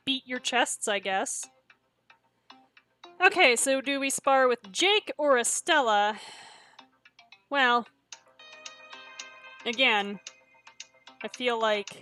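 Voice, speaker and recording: A woman's voice: fairly high pitch, bright, forceful tone. A young woman streaming a story game, reading it aloud and chatting in a self-deprecating way. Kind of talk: reading a visual novel aloud while streaming.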